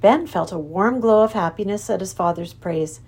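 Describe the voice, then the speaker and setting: A woman narrating a storybook aloud in an expressive, lively way. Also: medium pitch, moderate pace, slightly rough.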